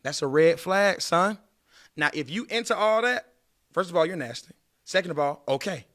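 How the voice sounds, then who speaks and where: A man's voice: high-pitched, normal speed. A man in his late thirties hosting a podcast, giving dating advice in a casual, preachy monologue that speaks straight to his listeners. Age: late 30s. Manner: animated, preachy, addresses listeners directly.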